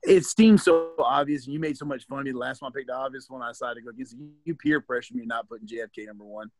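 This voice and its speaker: A man's voice: mid-range voice, racing. A middle-aged man with a Southern US accent, co-hosting a casual podcast chat and making his points emphatically with many restarts. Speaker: podcast co-host.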